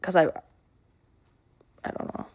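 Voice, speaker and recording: A young woman telling a personal story to camera in a flat monotone, halting and full of fillers. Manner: halting, with many fillers and restarts. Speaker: social media creator.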